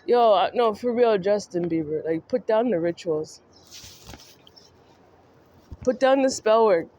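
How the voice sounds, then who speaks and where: A woman's voice: medium pitch, animated, a little slow, mellow, dull audio. A woman vlogger ranting in a scolding, mocking monologue that speaks straight to the person she criticizes. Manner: scolding, mocking, addresses the subject directly.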